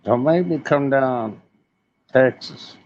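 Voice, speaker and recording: A man's voice: mid-range voice, slow, a little mellow, lo-fi sound, a little hiss or hum. A man, a guest on a stream, joking bluntly. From West Virginia. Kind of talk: casual chat.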